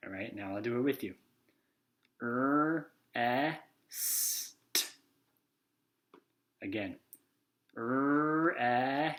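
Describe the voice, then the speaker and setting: A man leads a children's phonics lesson at an unhurried, deliberate pace. He sounds out each letter and then acts out the word. His voice sits at a middle pitch. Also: a bit bright. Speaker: teacher.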